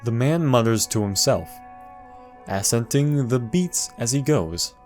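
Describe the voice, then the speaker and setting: A man's voice: medium pitch, lively intonation, measured pace, darkish tone, faint music behind. A man casually commenting on a video game walkthrough, reading the game's text aloud and adding dry jokes.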